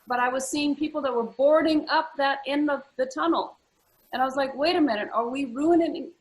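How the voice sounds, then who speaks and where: A woman's voice: high-pitched, poor audio. A woman co-hosting a casual talk show, speaking earnestly with frequent fillers and repeated words. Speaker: co-host. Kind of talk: casual conversational chat.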